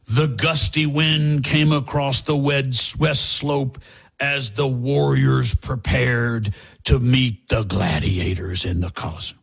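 Solemn old football film narrator, slow and grandiose, done by a raspy man. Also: medium pitch, steady tone, exaggerated voice.

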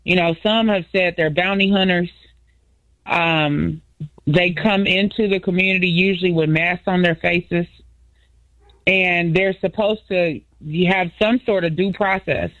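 A man with a slightly high voice, speaking as a guest commentator in a news discussion. He makes his points in a measured, critical way, with frequent fillers. The audio is dull and lo-fi, and it sounds dry and close. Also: steady tone, a bit bright, dry recording.

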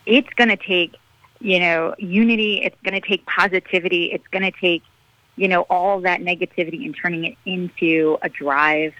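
Energetic, bright-voiced woman candidate. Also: lowish voice, moderate pace, dry recording, low-quality recording. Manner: energetic, earnest, rallying. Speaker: political candidate. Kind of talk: radio interview guest.

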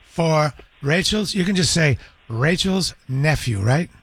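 A man hosting a radio call-in show, his voice slightly husky and a bit higher than most men's. He is gentle and sympathetic with callers. The sound is dry and close, straight from a studio mic. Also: lively intonation, slow, no room sound.

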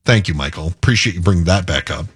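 A man's voice: deep voice, fast talker, fairly bright tone, a little hiss or hum. A man co-hosting a radio talk show, bantering about politics with sarcastic jokes. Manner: sarcastic, joking.

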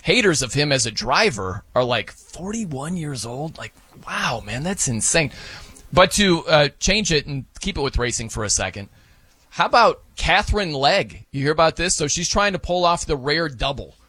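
A man's voice: on the high side, expressive, moderate pace, sharp tone, husky, dry recording. A man co-hosting a sports talk show, chatting casually and animatedly, laughing and acting out wrestling announcer bits.

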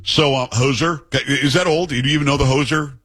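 A middle-aged man hosts a talk show in a loose, chatty way, tossing in jokes and teasing asides. His voice is a little husky and sits at an ordinary pitch. The sound is dry and close, with no room echo. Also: a little fast, fairly bright tone. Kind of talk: casual talk radio monologue and banter.

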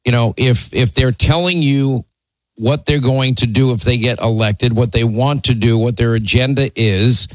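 Male talk radio host, middle pitch, dry close mic, firm and plainspoken. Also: fairly even intonation, moderate pace, no echo, poor audio. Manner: plainspoken, firm, repeats himself when making a point.

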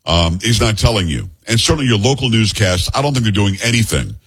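Husky-voiced male talk radio host. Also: fairly low pitch, animated, quick pace, a bit bright. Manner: chatty, opinionated, joking asides to the producer. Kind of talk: casual talk radio monologue.

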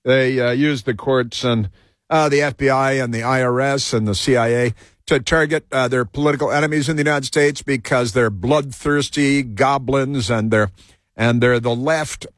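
A man's voice: medium pitch, fairly even intonation, normal speed, no room sound, studio quality. A man hosting a talk show, delivering a rambling monologue full of fillers and restarts.

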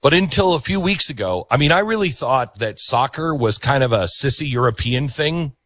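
A man's voice: medium pitch, expressive, moderate pace, a bit bright, dry recording. A man hosting a talk show, delivering a conversational monologue and acting out quoted voices. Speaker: radio and TV show host.

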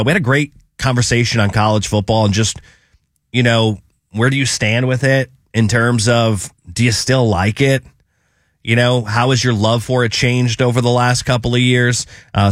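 A man's voice: fairly low pitch, no room sound, studio quality. Midwestern man hosting sports radio. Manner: relaxed, rambling, frequent fillers. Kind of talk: casual sports talk radio. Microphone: studio mic.

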